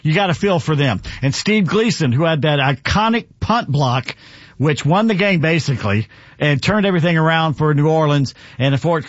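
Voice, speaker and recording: This sports talk radio host, heard on a studio broadcast mic, keeps things casual and opinionated, telling rambling, lively stories and giving scores. His somewhat high voice moves at a moderate pace, and the recording is dry and muffled.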